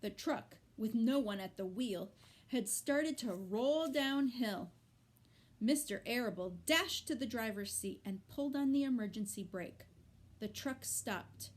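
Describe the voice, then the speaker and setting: Lady reading a kids' novel out loud, slow and careful, kinda high. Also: expressive. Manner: slow, deliberate narration. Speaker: reader. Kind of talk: reading a children's novel aloud.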